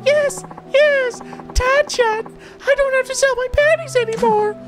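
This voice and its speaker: A man voicing a sweet, timid teenage schoolgirl in a sing-song falsetto while reading game dialogue on stream. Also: unhurried, music in the background. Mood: tearful relief.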